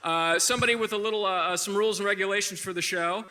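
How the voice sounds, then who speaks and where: A man's voice: sits high, quick pace, pushed and bright. A man hosting a stand-up comedy show, with a wry, self-mocking delivery on stage. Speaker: stand-up host. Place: comedy club stage before a laughing crowd. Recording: live club recording with noisy crowd.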